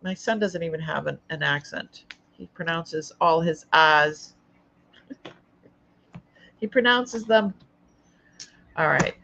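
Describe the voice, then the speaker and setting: Her voice sits low, gravelly and fairly bright, moving slowly with frequent pauses, captured in lo-fi sound. She's a woman with an old Boston accent running a live jewelry sale, chatting and thinking aloud over each piece.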